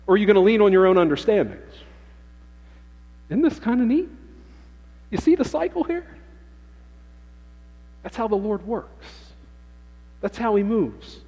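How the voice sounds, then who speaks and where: A man's voice: sits high, very animated, a little slow, pauses often, a little mellow, breathy edge. A man preaching a sermon to his church, emphatic and repeating key phrases for emphasis. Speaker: pastor. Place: church sanctuary. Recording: dull lo-fi with long church reverb.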